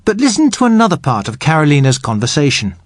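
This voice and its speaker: A man speaking as an English teacher, explaining grammar patiently and clearly for learners. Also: on the high side, huge pitch swings, fast, no echo, clean studio sound.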